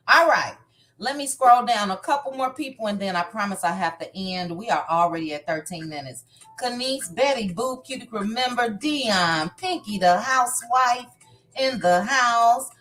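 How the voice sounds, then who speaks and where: Slow-talking chatty livestream host woman. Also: a little high, a bit bright. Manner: greets viewers by name, chatty and upbeat. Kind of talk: casual live chat.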